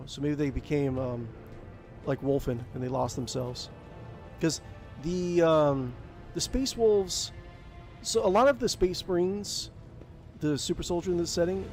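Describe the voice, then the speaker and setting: A man's voice: mid-range voice, a little mellow. A man playing a role-playing game, chatting casually and hesitantly between reading dialogue aloud. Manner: casual, hesitant, lots of ums. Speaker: gaming video creator.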